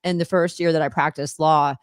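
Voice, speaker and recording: A woman's voice: sits low, fairly even intonation, a little fast, no room sound, clean studio sound. A middle-aged woman, a former attorney hosting a podcast, tells stories in casual chat, meandering and often laughing mid-sentence.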